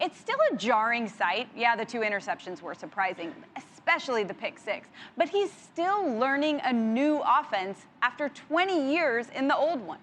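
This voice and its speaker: A woman hosting a studio sports show, reading scripted segments in a crisp, measured way. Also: sits high, fairly bright tone, slight background noise. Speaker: studio host. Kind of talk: scripted sports broadcast narration.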